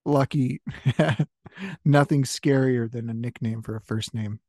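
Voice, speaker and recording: A man's voice: medium pitch, steady tone, measured pace, dark tone, dry recording, studio quality. A man hosting a comedy improv game, joking and laughing often between lines. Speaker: host of a comedy game show.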